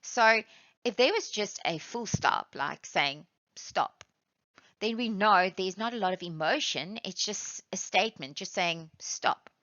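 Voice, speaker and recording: South african teacher lady, bright voice, dry dull lo-fi sound, explains patiently. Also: medium pitch, expressive, dry recording. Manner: patient, explains step by step, reads examples aloud slowly. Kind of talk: classroom lesson.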